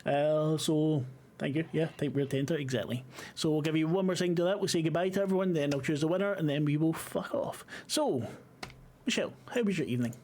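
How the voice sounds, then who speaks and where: A man with a slightly high voice narrates a tabletop session as game master. He talks casually, with easy fillers and the odd swear, recorded on a desk mic with a faint hiss underneath. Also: fast talker, a little mellow.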